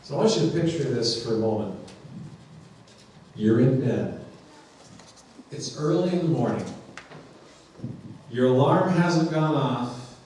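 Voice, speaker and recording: Male pastor, slow unhurried sermon delivery, playful acted-out dialogue, roomy distant church recording. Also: medium pitch, lively intonation, a little mellow, slight background noise. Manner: conversational, acts out dialogue with playful humor. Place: church sanctuary. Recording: echoey church from a distant mic.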